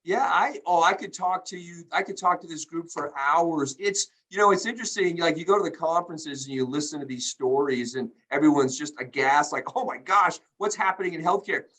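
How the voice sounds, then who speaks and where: A man's voice: fairly high pitch, fairly quick, few pauses, fairly bright tone, rough recording. Indignant, emphatic man on a video call. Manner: indignant, emphatic, acts out quoted dialogue. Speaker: healthcare company executive, guest. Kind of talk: animated storytelling in a group video call.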